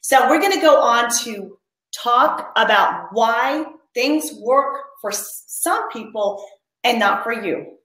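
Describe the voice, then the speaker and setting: A woman's voice: a little high, lively intonation, takes it slowly, sharp tone. Woman, live coaching for moms, reads viewer comments aloud, leads a pledge, echoey room. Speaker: mom coach hosting a live online workshop. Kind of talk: live-streamed motivational coaching.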